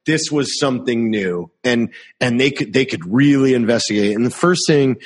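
A man's voice: medium pitch, moderate pace, husky. A man telling a military anecdote in casual chat, profane and exasperated.

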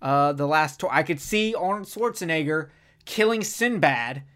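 This co-host's mid-range voice keeps a moderate pace while chatting casually about films on a podcast, the talk animated, profane, and meandering.

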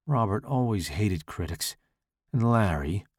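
A man reading a horror story aloud in a dramatic, expressive way. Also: on the low side, a little slow, husky, dry recording, clean studio sound. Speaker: author and podcast host.

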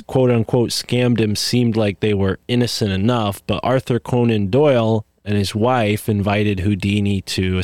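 Low-voiced male podcast host, rambling. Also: a little mellow, no room sound, studio quality. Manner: rambling, many asides and restarts. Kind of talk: casual conversation.

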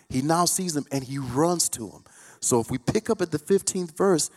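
A man's voice: fairly high pitch, expressive, normal speed, darkish tone. Man preaching in a reverberant hall. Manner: retells scripture with dramatic quoted voices, rising and falling intensity. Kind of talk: sermon.

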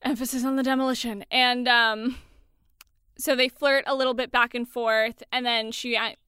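A young woman co-hosting a casual movie chat, chatty and animated, swearing casually as she retells scenes. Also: a little high, normal speed, clean tone, dry recording, studio quality. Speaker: podcast co-host.

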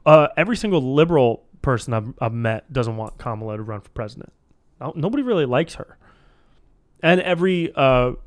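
A man's voice: medium pitch, no room sound, studio quality. A man hosting a solo podcast, freestyling in a casual, rambling way, swearing freely and calling everyone dude, on a podcast microphone. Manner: casual, rambling, profane, says dude a lot. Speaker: podcast host.

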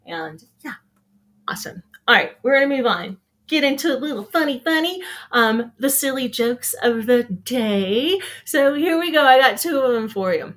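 Bright chatty woman hosting a show. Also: sits high, expressive, normal speed. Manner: chatty, rambling with many ums, laughs at own jokes. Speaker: show host. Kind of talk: casual live show chat.

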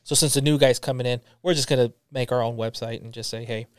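A middle-aged man sits in for a casual interview as a comedian guest, telling stories in a loose, rambling way full of restarts. His voice is smooth and clear at an ordinary pitch. The sound is dry and close. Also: fairly even intonation, quick pace, no echo.

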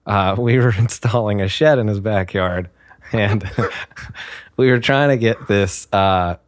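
A man's voice: on the low side, takes it slowly, no room sound, clean studio sound. A man hosting a casual chat, teasing his friend and prompting him to tell stories. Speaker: podcast host.

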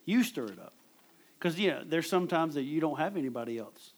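A man preaching a sermon, his voice sitting a little high. He talks to the congregation in a conversational way and repeats words as he drives home each point. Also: expressive, brisk.

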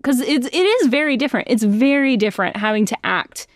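A woman's voice: a little high, brisk, dry recording, clean studio sound. A young woman voice actor chatting as an interview guest, bubbly and self-deprecating, laughing often. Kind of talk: casual interview chat.

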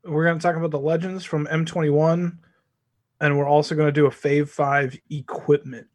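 Teasing podcast guy, bit high voice, dry close mic. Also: flat delivery, moderate pace, no room sound. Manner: wry, teasing, laid-back. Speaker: podcast co-host. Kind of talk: casual chat.

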